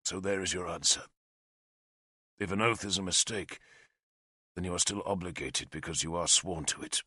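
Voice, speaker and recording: A man's voice: sits low, normal speed, sharp tone, husky, dry recording, clean studio sound, voice pushed down, heavily acted. A man reading the part of a grieving, oath-bound middle-aged warrior king, grave and brooding. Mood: bleak. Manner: grave and brooding, breaking into weeping and rage.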